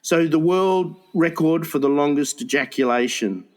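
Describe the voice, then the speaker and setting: A man co-hosting a crude comedy podcast, with a slightly high voice. He rambles through stories and keeps slipping into shrill mocking impressions. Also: normal speed. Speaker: podcast co-host.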